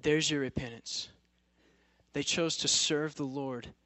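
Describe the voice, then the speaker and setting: A young man delivers a sermon in a casual, emphatic style, pressing his listeners with rhetorical questions. His voice sits a little high for a man, and the sound is close and dry with no room echo. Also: steady tone, takes it slowly, bright, forceful tone. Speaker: campus preacher.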